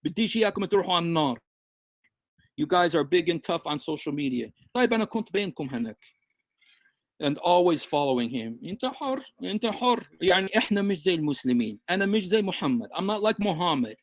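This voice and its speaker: Fast, high-voiced man preaching in a dry room. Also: big pitch swings, no room sound. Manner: switches between English and Arabic, emphatic and repetitive. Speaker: Christian broadcaster answering commenters. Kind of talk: direct-to-camera preaching address.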